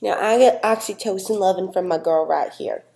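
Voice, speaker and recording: A woman's voice: medium pitch, moderate pace, creaky, warm tone, lightly acted. A young woman playing a chatty, folksy expert from the American South with a Southern accent, rambling and talking to her dog, in an echoey room. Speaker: guest expert in a mock news segment.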